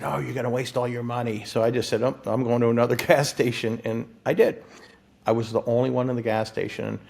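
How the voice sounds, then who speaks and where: Excitable man with a gravelly voice. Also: lowish voice. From Florida. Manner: excitable, stammering restarts, laughs often. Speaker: guest, physician and lottery winner. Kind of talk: casual interview storytelling.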